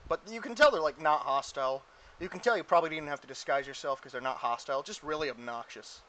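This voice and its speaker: A game master narrating a tabletop game, chatty and animated with lots of fillers. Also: medium pitch, fast talker, slight background noise, poor audio.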